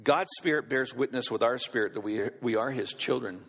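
A man's voice: mid-range voice, a little fast, fairly bright tone. A man preaching a sermon as a pastor, speaking emphatically and asking his congregation questions, in a large church. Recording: long reverb of a large hall.

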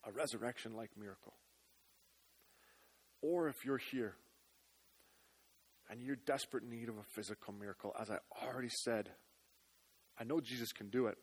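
A male pastor preaching a sermon in church, earnest, dropping to hushed tones and rising to loud appeals. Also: medium pitch, moderate pace, long pauses, husky.

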